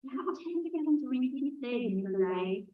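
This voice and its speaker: A woman teaching basic Vietnamese words in an online lesson, repeating each word slowly for practice. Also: high voice, animated. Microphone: video call. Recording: echoey distant lo-fi call audio.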